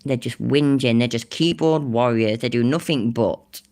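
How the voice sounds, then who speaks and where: A blunt British woman reacts to a video on her stream. She swears freely and rants. Her voice sits unusually low for a woman. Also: moderate pace, a little mellow. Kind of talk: casual reaction commentary.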